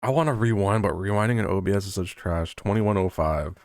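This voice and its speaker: A man's voice: lowish voice, fairly quick, no echo, studio quality. A man casually commenting over a video as a streamer, joking, swearing and laughing often. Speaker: streamer hosting a watchalong.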